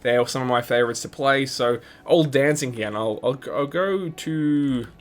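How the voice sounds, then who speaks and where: A man's voice: medium pitch, moderate pace. A man hosting a let's play, giving chatty, rambling gameplay commentary full of restarts and laughs. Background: game music.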